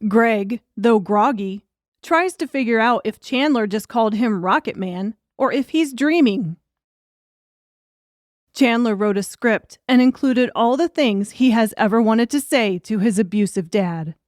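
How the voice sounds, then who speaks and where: A woman reads a darkly comic audiobook with wry, crude timing. Her voice sits a bit high and the recording is dry and close, with no room sound. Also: measured pace, no room sound. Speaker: audiobook narrator. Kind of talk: scripted audiobook narration.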